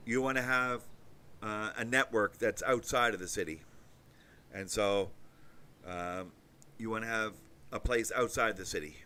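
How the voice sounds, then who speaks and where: A low-voiced man talking off the cuff as host. His tone is forceful and tight. He rambles, swears freely and fills gaps with ums and uhs. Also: a little hiss or hum. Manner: rambling, profane, many fillers. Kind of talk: casual monologue.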